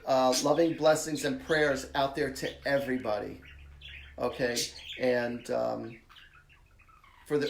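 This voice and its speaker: A man hosts a live psychic reading and talks to his viewers in a chatty, blunt way. His voice sits at an ordinary middle pitch. The sound is roomy and echoey. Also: vocal fry, slight background noise. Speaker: psychic medium host. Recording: echoey room.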